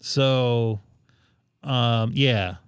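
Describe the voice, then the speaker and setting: A man's voice: medium pitch, extremely slow, smooth, no echo, clean studio sound. A man hosting a ham radio live stream, chatting casually and joking while he thinks aloud.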